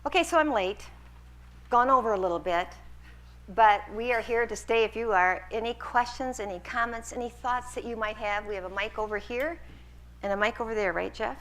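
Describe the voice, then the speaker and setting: A woman's voice: on the high side, fairly quick, fairly bright tone. A woman lecturer taking questions from a hall audience, earnest and encouraging as she answers. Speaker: guest lecturer.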